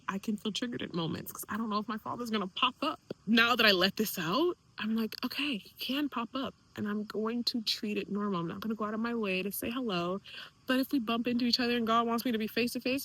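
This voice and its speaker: A young woman speaking candidly in a personal vlog, emotional and animated, quoting others in lively voices. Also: on the high side, rough recording. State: tearful at times. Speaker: vlogger.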